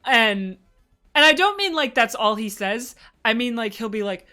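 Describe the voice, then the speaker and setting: A woman's voice: on the high side, expressive, measured pace, sharp tone, soft background music. A woman giving a casual livestream presentation, rambling and enthusiastic, full of asides. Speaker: streamer presenting a fan slideshow.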